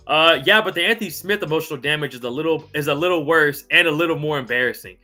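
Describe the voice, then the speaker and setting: A man hosting a live MMA recap stream in casual sports talk, hyped and profane, shouting out viewers in the chat. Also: a little high, fast talker, soft background music.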